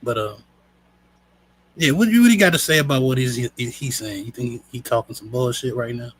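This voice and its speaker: A man hosting a live stream, casual and slangy, shouting out viewers. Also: mid-range voice, fairly quick, breathy edge, rough recording. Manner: laid-back, slangy, says "you know what I'm saying". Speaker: show host.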